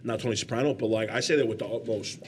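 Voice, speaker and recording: A man's voice: lowish voice, very fast, slight background noise. A man in casual chat on a podcast, talking in slangy, loose phrasing and saying "you know what I'm saying.".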